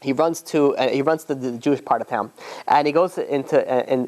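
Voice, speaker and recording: A man teaching a class, telling the story informally, with many restarts and "you know"s, and growing animated at the lively moments. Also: a little high, fairly quick. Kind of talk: informal storytelling lesson to students.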